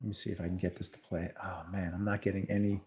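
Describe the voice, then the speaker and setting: A man hosting a boxing talk show, speaking in a relaxed, rambling way. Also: sits low, quick pace. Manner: relaxed, rambling, chuckles often. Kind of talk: casual boxing chat.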